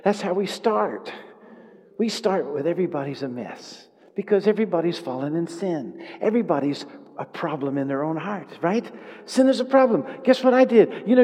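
Pastor, man, fairly high voice, impassioned sermon, long reverb of a church hall. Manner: impassioned, building to loud exhortation; conversational, with repeated calls to the congregation. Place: church sanctuary.

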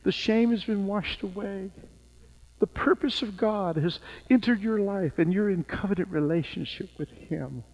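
A middle-aged man preaching with a bright, high voice. He tells stories and builds to fervent, emphatic peaks in his sermon. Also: moderate pace, poor audio. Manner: preaching with rising fervor and storytelling. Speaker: pastor.

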